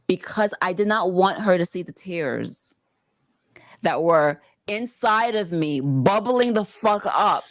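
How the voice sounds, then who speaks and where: A woman from the Bronx, a podcast guest telling a personal story in casual talk, animated and swearing freely. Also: lowish voice, a little slow, no room sound. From the Bronx, New York.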